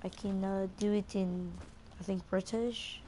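A woman's voice: on the low side, steady tone, slow. A woman giving chatty, goofy commentary while playing a game. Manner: chatty, goofy, tries out fake accents. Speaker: gamer. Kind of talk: casual gaming commentary. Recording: noisy home recording.

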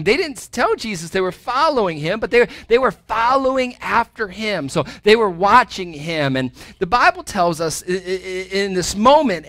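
A man with a high, bright voice preaches a sermon in a church, loose and conversational, tossing in playful asides. The sound is dry and close. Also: no echo. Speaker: pastor. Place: church sanctuary.

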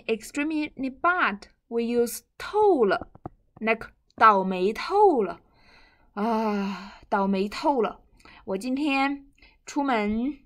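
A woman's voice: on the high side, a bit bright. A woman whose first language is Mandarin Chinese, teaching a bilingual language lesson and patiently repeating and glossing each word.

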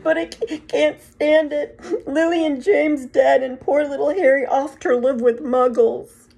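A woman's voice: a little high, steady tone, measured pace, vocal fry, dark tone, slightly rough, pitched above the performer's own voice, heavily acted. A woman voicing a huge, shaggy, tender-hearted male half-giant who sobs and stammers as he talks. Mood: tearful. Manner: sobbing, stammering.

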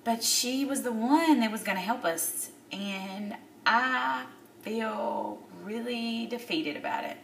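A woman in her thirties recording a personal video diary. She is upset and near tears, and she talks haltingly with many pauses and fillers. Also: fairly high pitch, gravelly, fairly bright tone, distant mic, slight background noise. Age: 30s. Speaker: vlogger. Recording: roomy echo, a bit off-mic.

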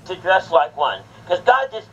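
A man's voice: sits high, sing-song, normal speed, a bit bright, slightly rough. A man, a pastor, lecturing bluntly and sternly during a confrontation in a church. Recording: muffled with faint background noise.

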